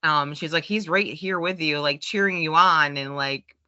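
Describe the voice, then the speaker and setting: A woman with a deep voice co-hosts a casual podcast at a moderate pace, telling stories and acting out what other people said in animated voices. The sound is dull and lo-fi.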